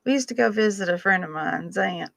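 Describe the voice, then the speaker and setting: A woman telling homespun, funny stories. She speaks in a gravelly voice with a folksy, drawn-out delivery. The sound is dry and close to the mic. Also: medium pitch, animated, fairly bright tone, no room sound. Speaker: storyteller vlogger. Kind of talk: casual storytelling.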